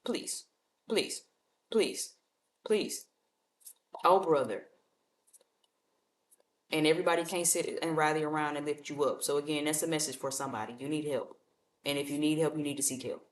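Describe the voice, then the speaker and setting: A woman with a very low voice reads tarot for her viewers in a blunt, colloquial, repetitive way. She talks to them directly. Her voice echoes around the room, picked up from a distance. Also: steady tone, fast talker. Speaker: tarot reader. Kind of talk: casual tarot reading. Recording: echoey room, far from mic.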